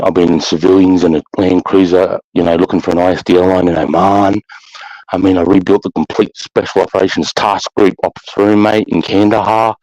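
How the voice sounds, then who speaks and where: A man's voice: low voice, darkish tone, no echo, lo-fi sound. A man with an Australian accent, a former soldier telling war stories in a casual talk, blunt and full of swearing. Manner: blunt, sweary, heavy use of "mate" and "bro". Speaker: army veteran guest. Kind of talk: casual podcast conversation.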